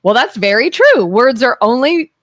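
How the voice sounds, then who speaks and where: A woman co-hosting a casual talk radio show, telling stories in a chatty way and chiming in with quick agreement. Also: a little high, big pitch swings, a bit bright, dry recording, studio quality. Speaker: co-host. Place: radio studio.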